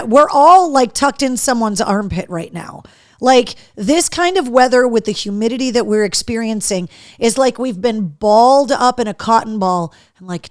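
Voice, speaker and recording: A woman hosting a live show, chatting and reading viewer comments aloud, telling stories in an animated, profane way. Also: a little high, no echo, clean studio sound. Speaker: host.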